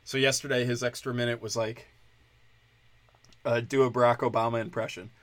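A man's voice: mid-range voice, level tone, a little fast, fairly bright tone, no room sound. A male comedian ranting sarcastically, crude and full of curses. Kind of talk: profane comedic rant.

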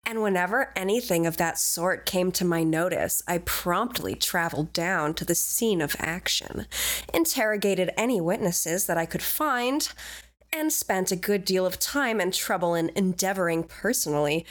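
A woman's voice: lowish voice, lively intonation, moderate pace, lightly acted. A woman reading a Victorian priest's words aloud in a breezy valley-girl voice on a podcast. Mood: earnest. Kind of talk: dramatic reading of quotes on a podcast.

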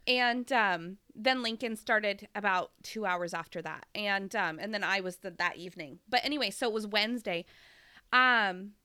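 A woman's voice: medium pitch, moderate pace, pushed and bright, smooth. A woman in her thirties, congested from a cold, chatting casually as a podcast co-host and telling long rambling stories with frequent laughter. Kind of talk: casual chat.

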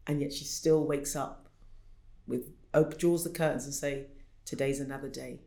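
A woman's voice: rumbling low, fairly even intonation, normal speed, dark tone. A middle-aged woman, an Olympic athlete, telling stories animatedly as an interview guest and acting out quoted voices. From United Kingdom. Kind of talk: conversational interview. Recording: roomy echo.

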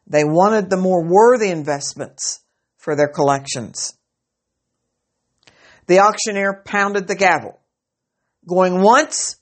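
A woman narrating a story aloud in a slow, measured reading. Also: on the low side.

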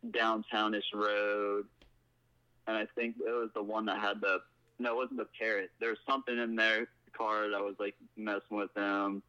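A man's voice: on the low side, pushed and bright, smooth, lo-fi sound. A man in his twenties, a podcast guest, telling a rambling story in casual chat. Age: 20s.

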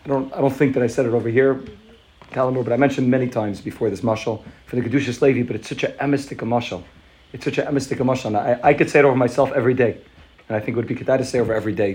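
A man's voice: mid-range voice, a little hiss or hum. A man giving a fervent Hasidic farbrengen talk, telling a parable and often repeating words and restarting.

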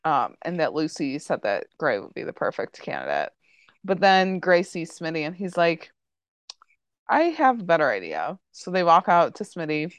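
A woman hosting a casual podcast chat, recapping a TV episode and peppering her talk with "like" and "um". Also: lowish voice. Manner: chatty, full of "like" and "um" fillers. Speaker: podcast host.

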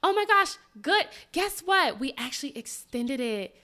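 A bubbly, high-pitched receptionist chirps through an upbeat sales pitch, as a woman puts her on. Her voice is bright and eager. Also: moderate pace.

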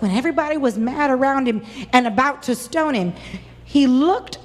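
A woman's voice: expressive, normal speed. Impassioned woman preaching in an echoing church. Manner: impassioned, acts out quoted voices with big pitch swings. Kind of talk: sermon.

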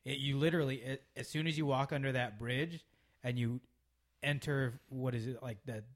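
Young man, casual chat, laid-back, slangy, medium pitch. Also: steady tone, normal speed.

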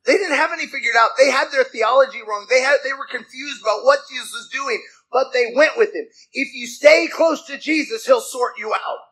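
A man preaching a sermon, chatty and animated, asking his listeners questions and moving between loud dramatic reading and soft asides. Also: extremely high pitch, a little fast, few pauses, breathy edge, poor audio. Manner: animated, conversational, asks the congregation questions.

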